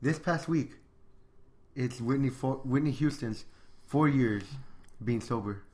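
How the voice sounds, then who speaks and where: A man's voice: medium pitch, measured pace, a little mellow. Male podcast co-host, mid-range voice, easygoing, chatty, trails off. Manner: easygoing, chatty, trails off and loses his thread. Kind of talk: casual entertainment news chat.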